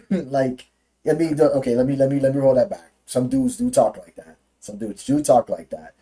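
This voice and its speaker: A man's voice: medium pitch, expressive, normal speed, dark tone, breathy edge. A man ranting through political commentary on a livestream, profane and heated, often restarting his sentences.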